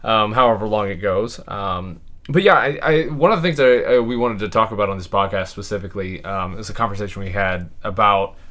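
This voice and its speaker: Low-voiced young man hosting a podcast. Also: brisk. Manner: relaxed and rambling, many fillers. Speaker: podcast host. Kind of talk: casual chat.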